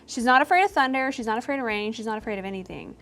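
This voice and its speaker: Her voice fairly high, expressive and a bit bright, a young woman vlogs as she applies makeup and spins a story. The delivery is giggly and talkative, fast-paced storytelling sprinkled with quoted lines.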